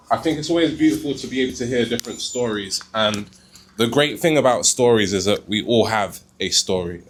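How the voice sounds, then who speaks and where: A man answering as a guest in a calm, measured, thoughtful way. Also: mid-range voice. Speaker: guest, government worker. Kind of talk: reflective casual answer.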